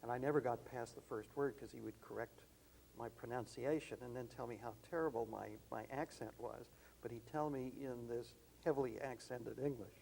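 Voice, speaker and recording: Older male guest, gravelly and mellow, thoughtful measured reminiscer. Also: medium pitch, steady tone, a little hiss or hum, rough recording. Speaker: interview guest. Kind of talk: reminiscing conversation.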